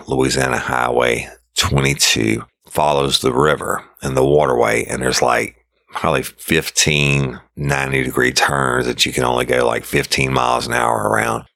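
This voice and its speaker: A middle-aged man with an extremely low voice that is full of gravelly fry. He tells true-crime stories casually and vividly, and his tone cuts through despite the depth. The recording is close and completely dry. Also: bright, forceful tone, dry recording. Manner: casual, vivid storytelling, acts out radio calls. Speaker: podcast host and former sheriff's deputy.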